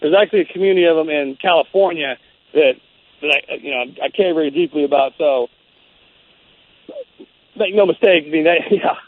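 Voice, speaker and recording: A man in his forties, the guest, telling a story in a halting, rambling way full of restarts. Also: on the high side, dry recording. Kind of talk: casual storytelling. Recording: phone-like narrow sound.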